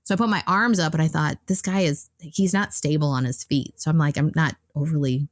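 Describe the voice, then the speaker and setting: A woman with a notably low voice recounts a personal story in a loose, conversational way, stopping and restarting her sentences and filling gaps with ums and you-knows. The sound is close and dry, with no room echo. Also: fairly quick. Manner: rambling, retells dialogue, many fillers and restarts. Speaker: podcast guest.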